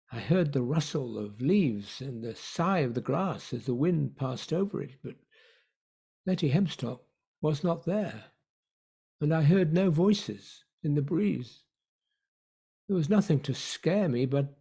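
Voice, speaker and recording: A man narrating a story in an online play reading, measured and hushed. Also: mid-range voice, vocal fry, breathy edge.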